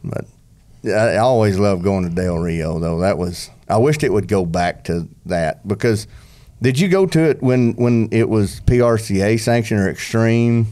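A man's voice: fairly low pitch, moderate pace, mellow. A man telling a long, rambling, self-mocking story in casual podcast chat.

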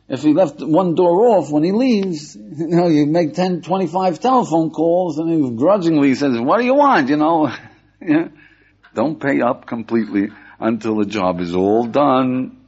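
Older American rabbi with a husky, animated voice. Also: male voice, medium pitch. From United States. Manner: animated, questioning the audience, frequent "yeah?". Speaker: rabbi teaching a class. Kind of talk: lively Torah class lecture. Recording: dull lo-fi lecture recording.

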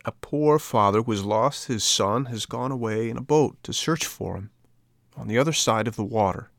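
A man's voice: mid-range voice, moderate pace, vocal fry, a bit bright, no echo, studio quality. A man voicing a grave old woman. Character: worried old woman on the shore. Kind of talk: storybook reading.

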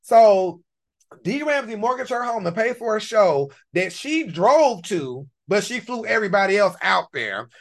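Male host, high voice, animated gossip, quick exclamations. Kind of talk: casual chat.

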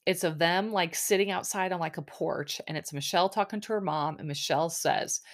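Chatty woman, slightly low voice. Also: a little fast. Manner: chatty, rambling, lots of "like" and "um". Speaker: podcast host. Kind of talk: casual recap chat.

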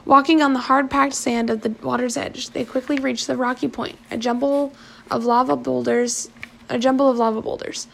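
A woman reads a storybook aloud in a high voice with a gravelly, creaky grain. She keeps a steady pace and now and then corrects herself mid-phrase. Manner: steady reading with occasional self-corrections. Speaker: story reader.

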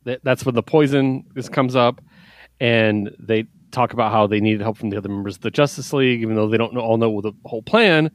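A man's voice: mid-range voice, brisk, dry recording. A man co-hosting a podcast, recapping comics in casual chat with filler words and swearing. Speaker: podcast co-host.

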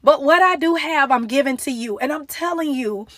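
A woman's voice: high voice, expressive, moderate pace, a bit bright, dry recording, studio quality. A young woman giving an earnest, emotional devotional talk into her phone, pleading with her listeners. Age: young adult. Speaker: motivational Christian speaker.

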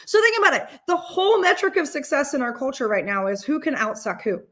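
A woman's voice: high voice, sing-song, a little fast, fairly bright tone. A middle-aged woman hosting a casual motivational talk for live viewers, speaking candidly, swearing freely and restarting her sentences often. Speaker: host.

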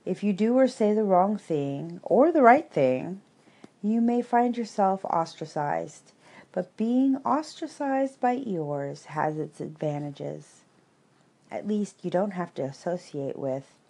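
Audiobook narrator, woman, measured and wry, unhurried pace. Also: medium pitch, expressive, dark tone. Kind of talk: audiobook reading of reflective prose.

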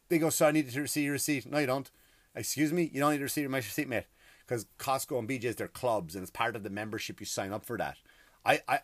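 A middle-aged host ranting about everyday hassles in an exasperated, profane, emphatic way. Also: male voice, medium pitch, no echo. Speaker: podcast host. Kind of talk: comedic rant.

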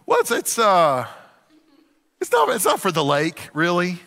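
A man's voice: high voice, wildly swooping pitch, a little slow, vocal fry, fairly bright tone, big-room sound, exaggerated voice. A pastor voicing a nervous, stammering man who evasively explains his huge boat to a neighbor. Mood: sheepish. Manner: hesitant, stumbling, evasive.

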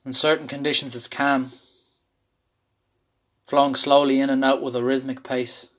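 A man with a middle-pitched voice tells his story in a candid, intense way and swears without holding back. He comes from Ireland, and the talk feels personal and unscripted. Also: little pitch movement, normal speed, fairly bright tone. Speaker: speaker sharing a personal story.

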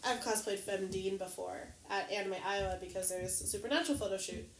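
A woman's voice: mid-range voice, fairly quick. A woman cosplayer chatting eagerly with friends about costumes. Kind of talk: casual chat. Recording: echoey room with faint hiss.

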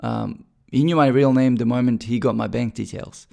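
Man, very gravelly and mellow, casual storyteller, fillers and restarts. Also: medium pitch, fairly even intonation, normal speed. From Bosnia. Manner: chatty, many fillers and restarts. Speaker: recruiter telling his career story.

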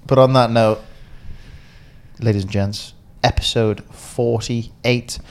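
A man's voice: mid-range voice, steady tone, slow pace. A man co-hosting a podcast, telling stories in loose, slangy casual chat with some swearing. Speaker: podcast co-host.

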